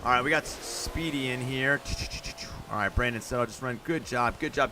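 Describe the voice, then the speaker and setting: A man hosting a live stream, calling viewers' monster truck runs and reading out scores in a chatty, upbeat way with excited outbursts. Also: mid-range voice, moderate pace, noisy background. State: out of breath. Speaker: live stream host and announcer. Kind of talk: live-stream play-by-play commentary.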